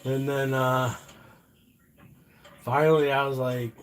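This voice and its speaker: A man's voice: medium pitch, level tone, slow pace. A middle-aged man telling a story on a live stream in a loose, profane, rambling way, often asking "you know what I mean".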